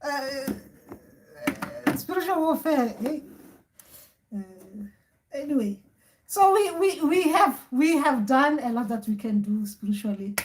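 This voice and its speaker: A woman hosting a spiritual advice session, with a fairly high voice and an unhurried pace. She talks casually and rambles, repeating herself often with many fillers. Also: animated, noisy background. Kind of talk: casual livestream talk.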